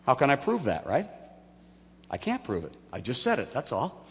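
A man preaching a sermon, telling the story with lively acted-out voices and jokes. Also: mid-range voice, quick pace. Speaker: pastor. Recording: long hall reverb.

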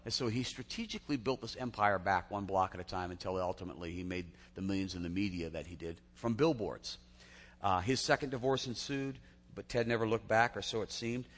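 A man's voice: fairly low pitch, brisk. A man preaching a sermon in a chatty storytelling way, often restarting his sentences. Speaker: pastor. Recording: long hall reverb.

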